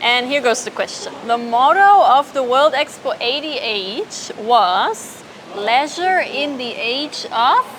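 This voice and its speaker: A woman co-host with a slightly high voice tastes snacks outdoors by the sea. She talks casually between bites, often with her mouth full. The recording is noisy with waves and rain. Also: fairly bright tone. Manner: chatty, often talks while chewing. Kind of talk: casual food-tasting chat.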